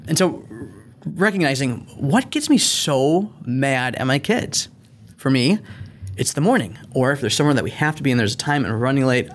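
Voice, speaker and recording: Earnest middle-aged male podcast host. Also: mid-range voice. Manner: earnest, animated, acts out yelling at his kids. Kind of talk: faith-based parenting talk.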